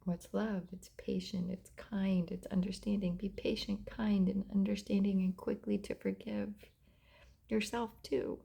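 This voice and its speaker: A middle-aged mother talking about faith and self-love in a casual vlog, often dropping into soft whispers. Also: mid-range voice, little pitch movement, normal speed, gravelly, few pauses, breathy edge. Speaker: mother sharing reflections. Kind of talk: casual heartfelt vlog talk.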